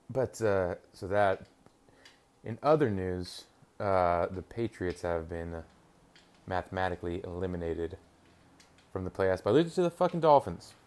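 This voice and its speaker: A man's voice: sits low, big pitch swings, a little slow, long pauses, a little mellow. A young man chatting casually on his own, rambling and swearing while he reacts to a football game on TV. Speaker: podcast host. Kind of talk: casual solo chat.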